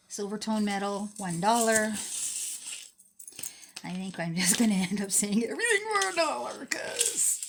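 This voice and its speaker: A gravelly-voiced woman in her forties talks slowly and casually to her viewers while untangling thrifted jewelry. She pokes fun at herself as she works. A faint hiss sits under the recording. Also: mid-range voice. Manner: chatty, self-mocking, talks to herself while sorting. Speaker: thrift jewelry unboxing vlogger. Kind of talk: casual unboxing commentary.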